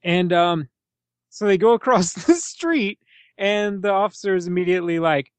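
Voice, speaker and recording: A man's voice: high-pitched, moderate pace, clear, resonant tone, no room sound. A young man co-hosting a podcast, chatting casually about a film, laughing often and swearing freely. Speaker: podcast co-host. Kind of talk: casual film-discussion chat.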